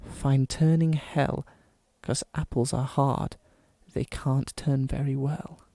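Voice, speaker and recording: A man putting on a slow, pompous posh announcer voice for comic readings. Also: mid-range voice, completely flat delivery, no room sound, lightly acted. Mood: mock-posh. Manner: slow, measured, overly formal.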